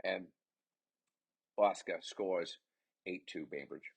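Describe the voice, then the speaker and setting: A man giving chatty, excitable play-by-play commentary on his son's game, with rambling asides. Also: low voice, slow pace, gravelly, husky. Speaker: parent commentator.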